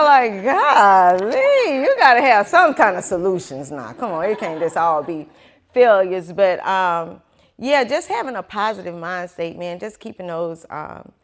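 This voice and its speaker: A woman who owns a small business, giving a casual motivational talk to a class and acting out quoted voices as she goes. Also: medium pitch. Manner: animated, acts out quoted voices, laughs often.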